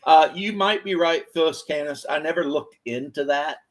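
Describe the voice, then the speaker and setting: A man's voice: fairly high pitch, moderate pace. A man co-hosting a casual podcast chat, telling stories and acting out the voices of the people in them. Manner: animated storyteller acting out quoted voices.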